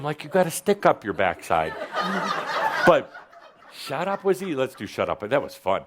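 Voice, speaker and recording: A man's voice: on the high side, very animated, normal speed, crowd noise. A man giving a channeled spiritual talk to a live audience, playful and blunt in a teasing way.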